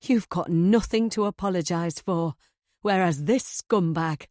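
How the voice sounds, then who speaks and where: A woman voicing a middle-aged wife who shouts fiercely and gives commands, furious at her husband. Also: fairly low pitch, measured pace, no room sound, clean studio sound, natural voice.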